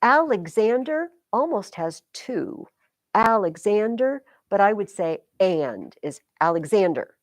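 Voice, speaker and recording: A woman teaching a high school English class, explaining poetry in a chatty, lively way. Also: slow, few pauses, no room sound. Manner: chatty, explains with sing-song rhythm examples. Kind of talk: classroom lecture.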